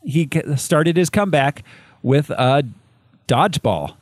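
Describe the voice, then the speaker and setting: A man's voice: on the high side, expressive, a little slow, no echo. Guy rambling about movies on a podcast, lots of ums, voice bounces all over, dry sound. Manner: rambling, many fillers and restarts, laughs often. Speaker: podcast co-host. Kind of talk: casual movie review chat.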